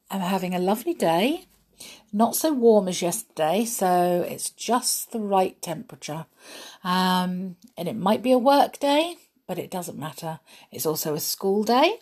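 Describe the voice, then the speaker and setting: A middle-aged woman, a mother, reading a children's story aloud in a gentle, chatty way. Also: mid-range voice, breathy edge. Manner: gentle, chatty, with soft laughs.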